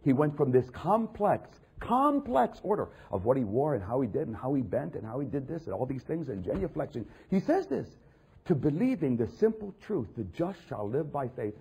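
A preacher man delivering an animated sermon, his pitch swinging widely and his tone slightly husky. He breaks into mocking voices and climbs to loud, raised peaks. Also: moderate pace. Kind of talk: sermon with scripture reading.

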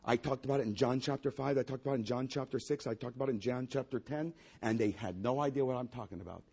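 A man preaching a sermon, speaking as a commanding male savior in a low, assured voice. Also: fast talker, a little mellow, slightly rough.

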